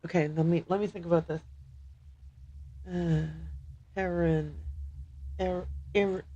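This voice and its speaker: A woman's voice: fairly low pitch, fairly even intonation, takes it slowly, dark tone, husky, highs cut off. A woman streaming a video game, chatting casually and playfully repeating dialogue lines aloud to try them out. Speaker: livestream host playing a game.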